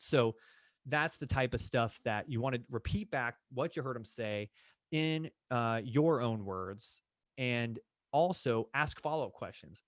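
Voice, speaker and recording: A man's voice: mid-range voice, no echo, studio quality. A man coaching real estate agents in a live online session, acting out client and agent dialogue with energy.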